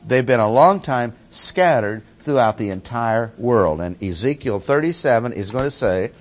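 A man's voice: medium pitch, animated, normal speed. A man teaching through a Bible passage verse by verse, stressing key words by repeating them.

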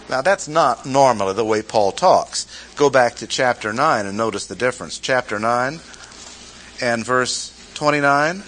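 A man's voice: medium pitch, a bit bright, low-quality recording. A man teaching a sermon, emphatic, asking the audience questions and repeating key phrases. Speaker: Bible teacher. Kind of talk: expository sermon.

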